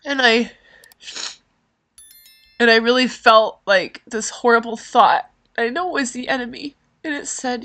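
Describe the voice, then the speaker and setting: A woman's voice: a little high, measured pace, pauses often, fairly bright tone. A middle-aged woman hosting a podcast, telling a personal story in an emotional, rambling way with many fillers. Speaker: podcast host.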